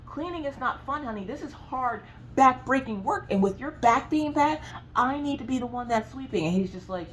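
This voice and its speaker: A woman from the American South with a Southern accent, telling a story in a chatty, animated way, full of asides. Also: fairly high pitch, normal speed, slight background noise, low-quality recording. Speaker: craft vlogger. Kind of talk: casual storytelling chat.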